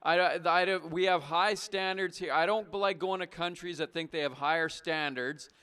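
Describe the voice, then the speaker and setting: Bright, forceful and smooth, his voice runs on the high side with fairly even intonation. The man hosts a comedic call-in show as a bombastic, blustering patriotic trucker who's quick to argue with callers.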